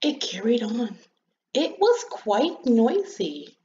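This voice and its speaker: A woman reading a children's story aloud in an expressive, gentle storytelling manner. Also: on the high side, slow. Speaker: storybook reader. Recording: slightly dull lo-fi recording.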